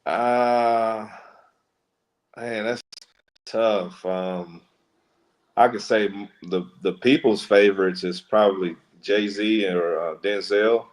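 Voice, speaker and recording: A man, a stand-up comedian, talking as a guest in a casual interview, relaxed and joking. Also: on the low side, slow pace, low-quality recording.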